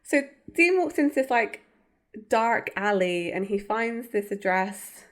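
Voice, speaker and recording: A woman's voice: mid-range voice, animated, measured pace. A woman co-hosting a podcast, recapping a TV episode in casual, chatty talk full of fillers and giggles. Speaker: podcast co-host.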